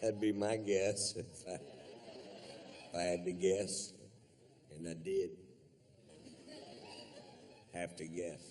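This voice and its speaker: A male stand-up comedian with a somewhat low voice tells a long story. His delivery is laid-back and rambling, full of profanity and fillers. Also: fairly even intonation, slow, long pauses, noisy background.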